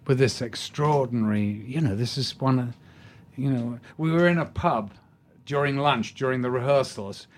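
An older man tells stories as an interview guest. His delivery is theatrical, with frequent restarts and trailing fillers. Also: mid-range voice. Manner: theatrical storytelling, hesitant restarts. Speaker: guest actor. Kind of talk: anecdotal interview talk.

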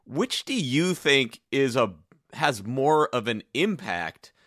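A man with a bright, clear voice and a very expressive pitch asks questions while thinking them through aloud. The recording is dry, with no room sound. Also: slow pace, dry recording. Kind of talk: casual interview.

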